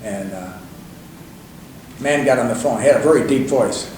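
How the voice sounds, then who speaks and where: A man's voice: medium pitch, measured pace, pauses often, darkish tone. An older man, a guest in an interview, telling long anecdotes in a loose, conversational way with many fillers and restarts. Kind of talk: rambling anecdotal storytelling. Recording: echoey room, distant mic, faint hiss.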